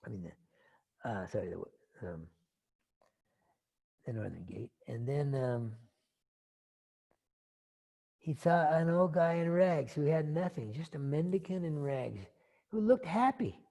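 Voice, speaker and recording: A man giving a casual dharma talk, rambling through a story with frequent asides. His voice is gravelly and husky, at an ordinary pitch. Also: animated, slow, long pauses, dark tone. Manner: rambling and conversational, with fillers and asides. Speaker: dharma teacher.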